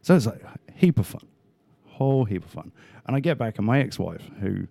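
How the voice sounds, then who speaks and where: A man's voice: medium pitch, sing-song, fairly quick, vocal fry, dark tone, dry recording. Laughing man telling skydiving-style anecdotes. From Australia. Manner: laughs often, rambling anecdotes. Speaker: podcast guest. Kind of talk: casual storytelling chat.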